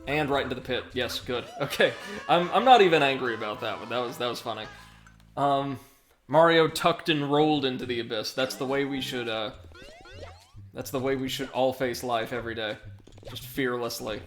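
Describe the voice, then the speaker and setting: A man's voice: mid-range voice, fairly even intonation, moderate pace, a bit bright, faint music behind. A young man casually commenting on a video game while reading viewer messages aloud. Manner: rambling, chatty, reads chat aloud. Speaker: livestream gamer.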